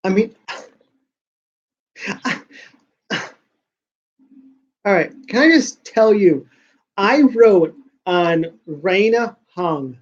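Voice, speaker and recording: A man's voice: high-pitched, expressive, drawn-out words, long pauses. A man hosting a casual talk show, ranting and rambling with lots of swearing. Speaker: podcast host. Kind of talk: casual rant. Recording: dull lo-fi sound.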